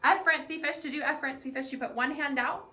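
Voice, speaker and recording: A woman's voice: high-pitched, steady tone, fairly quick, sharp tone. A woman teacher leading a cheerful, sing-song phonics lesson for young children, demonstrating letter sounds.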